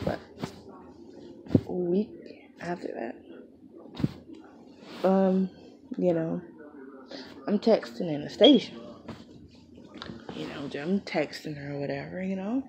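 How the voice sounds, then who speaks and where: Young female vlogger, low-pitched, blunt and profane, casual storytelling over steady noise. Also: takes it slowly, gravelly, long pauses. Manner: frank and profane, trailing fillers. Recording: noisy background hiss.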